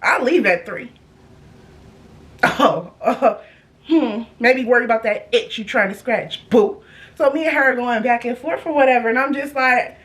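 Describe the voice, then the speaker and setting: A young woman with a high voice tells a story on her vlog. She is loud, brash and profane, and she acts out every turn of it with lots of energy. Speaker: storytime vlogger. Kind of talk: casual storytime monologue.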